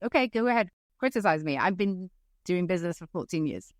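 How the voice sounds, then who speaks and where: A woman hosting a podcast in a somewhat low voice, chatty, with blunt opinions. She talks casually with her guest, and the sound is close and dry. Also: animated, a little fast, no echo. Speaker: podcast host.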